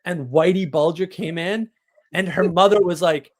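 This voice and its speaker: Stream co-host, male, a touch high, chatty, agreeable. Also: animated, fairly quick, fairly bright tone. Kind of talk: casual chat on a live stream.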